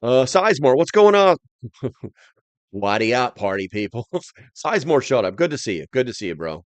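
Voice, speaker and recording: A man's voice: mid-range voice, big pitch swings, normal speed, no echo. An American man hosting a casual livestream, rambling loosely and reading viewer comments aloud. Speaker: livestream host.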